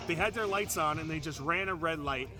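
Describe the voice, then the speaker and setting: A man's voice: a little high, fairly quick, over music. A man in a streamed clip who explains what happened in a hesitant, plain way.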